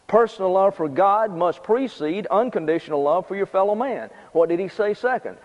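A man's voice: sits high, animated, a little fast, few pauses. A man preaching a sermon in a conversational way, repeating his points and adding casual asides. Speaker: pastor. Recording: dull lo-fi sound with long reverb.

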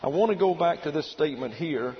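A man preaching a sermon, teaching in a deliberate, emphatic way and reading out excerpts. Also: fairly high pitch, lively intonation, long reverb tail. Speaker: pastor. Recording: dull lo-fi recording with faint hiss.

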